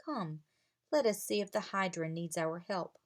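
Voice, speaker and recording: A woman voicing a calm, wise male dragon master who speaks in a measured way in a read-aloud storybook. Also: fairly low pitch.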